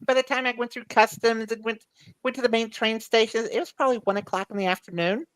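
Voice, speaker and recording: A woman's voice: a little high, fairly even intonation, fast talker, no room sound, rough recording. A woman guest in a casual chat, rambling through memories with frequent restarts and laughs. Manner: rambling, repeats words while recalling, laughs often.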